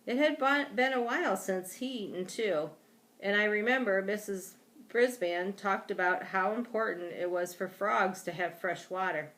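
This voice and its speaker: Slow, expressive woman storybook reader. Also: medium pitch. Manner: unhurried, expressive on exclamations. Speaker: reader of a children's book. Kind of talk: storybook read-aloud.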